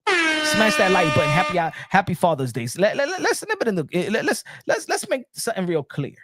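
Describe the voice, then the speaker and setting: Animated New man ranting. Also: high-pitched, a little fast, heavy background noise. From New York. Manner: animated, repeats phrases, rising to shouts when worked up. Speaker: boxing commentator. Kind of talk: opinionated casual monologue.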